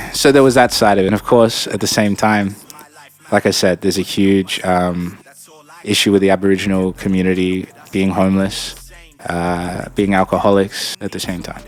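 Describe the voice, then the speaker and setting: A man's voice: sits low, level tone, moderate pace, soft background music. A young man telling a personal story in a casual, blunt and profane way, acting out other people's lines. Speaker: storyteller vlogger.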